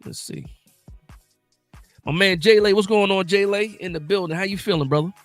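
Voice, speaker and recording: A man hosting a casual live sports talk stream, animated and emphatic, often repeating himself for emphasis. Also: sits high, moderate pace, no echo, soft background music.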